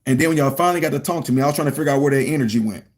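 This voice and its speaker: A middle-aged man giving political commentary to a live chat, animated and preachy, talking straight to his viewers. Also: mid-range voice, rapid-fire.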